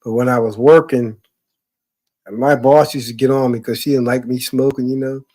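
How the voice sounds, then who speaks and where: A man's voice: mid-range voice, steady tone, normal speed, darkish tone. A man telling loose, profane stories in casual chat, rambling with fillers and laughing often. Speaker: podcast talker.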